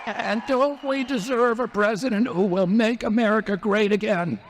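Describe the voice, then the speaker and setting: A man's voice: sits high, normal speed, background noise. A man giving a rally speech built on repeated rhetorical questions. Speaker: speaker at a political rally.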